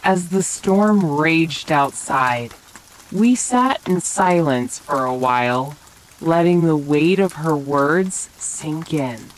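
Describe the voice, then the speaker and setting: Low-voiced woman narrator, whispered role-play, slow and gentle for sleep. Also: animated, poor audio. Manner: slow, soft bedtime narration. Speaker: storyteller. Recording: faint rain sounds behind.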